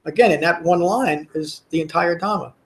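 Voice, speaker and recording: At a meditation center, a male meditation teacher delivers a Dhamma talk to his class in a slightly high voice at a moderate pace. He is earnest and emphatic, frequently repeating words and starting phrases over.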